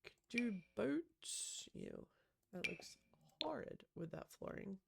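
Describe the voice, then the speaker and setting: Chatty woman with a gravelly edge. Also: medium pitch, very animated, takes it slowly, a little hiss or hum. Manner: chatty, lots of "um" and gasps. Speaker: Sims builder. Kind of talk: casual gameplay commentary.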